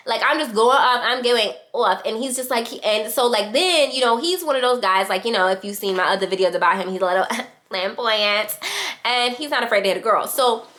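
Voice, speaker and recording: A young woman vlogger telling a dramatic personal story in a casual, animated way, acting out what people said. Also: fairly high pitch, a little fast. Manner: animated, dramatic reenactments of quotes. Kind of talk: storytime vlog.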